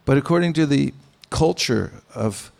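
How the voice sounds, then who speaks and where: A man giving a devotional sermon, speaking in a measured, pausing way with gentle humor. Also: medium pitch, lively intonation, vocal fry. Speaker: spiritual teacher. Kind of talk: sermon with anecdotes.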